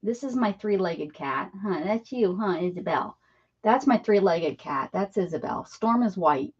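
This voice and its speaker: This host's mid-range voice is expressive and a little mellow with a breathy edge, moving at a measured pace. She chats casually while crafting live from her home craft room, greeting viewers by name and talking to her pets, in dull lo-fi audio.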